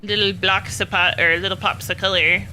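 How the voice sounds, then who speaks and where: A young woman streaming a game, chatting casually and swearing at it out loud. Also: medium pitch, fairly even intonation, moderate pace, a little hiss or hum. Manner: swears often, scolds the game aloud. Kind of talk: casual gameplay commentary.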